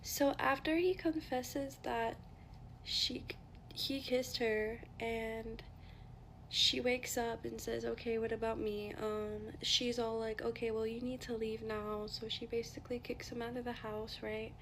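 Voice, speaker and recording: Young woman, rambling storytime, slightly high flat voice, faint background noise. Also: measured pace. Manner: rambling, filler-heavy, swears, drops to whispers. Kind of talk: casual storytime.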